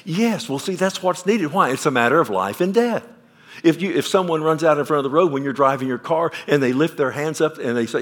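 A male pastor, preaching a sermon. He questions the congregation and swings from loud emphasis down to quiet. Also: on the high side, expressive, brisk.

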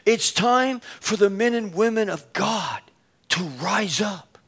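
A man in his fifties delivers a storytelling sermon, speaking in a notably high register. His pitch leaps around as he plays every part in his anecdote, and he chuckles at his own jokes. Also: takes it slowly, breathy edge. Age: 50s. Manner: animated, acts out both sides of dialogue, laughs at himself. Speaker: preacher.

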